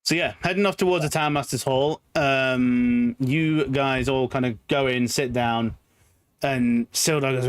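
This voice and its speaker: A man narrates a tabletop game as its game master in a loose, casual way, full of fillers and swearing. His voice sits at a middling pitch and sounds close and dry. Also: unhurried, clean tone, no room sound. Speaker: dungeon master.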